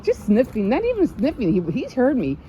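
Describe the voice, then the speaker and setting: A woman's voice: on the high side, huge pitch swings, fairly quick, muffled recording, background noise. An older woman chatting casually in a vlog, telling stories with frequent laughs and restarts. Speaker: vlogger. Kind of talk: casual chat.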